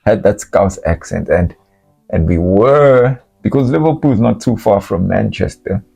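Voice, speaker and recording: A man, co-hosting a casual couple's vlog and retelling things in a relaxed, rambling way with frequent laughs. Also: lowish voice, normal speed, vocal fry, slightly rough, faint music behind. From South Africa. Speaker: co-host of a couple's channel. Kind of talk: casual chat.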